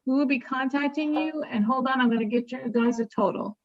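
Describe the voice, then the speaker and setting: A woman helping organize the auction, talking quickly and practically. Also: sits high. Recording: dull lo-fi line with noise.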